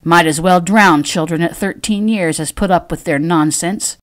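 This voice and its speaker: A woman voicing a short, spiteful uncle who growls in a raspy voice in an audiobook. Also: lowish voice, moderate pace, natural voice. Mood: growling.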